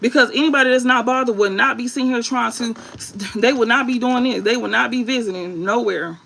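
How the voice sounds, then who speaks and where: Gravelly woman giving a blunt tarot reading. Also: fairly high pitch, fairly quick, a bit bright, poor audio. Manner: emphatic, blunt, repetitive, swears. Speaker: tarot reader. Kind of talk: spiritual reading to viewers.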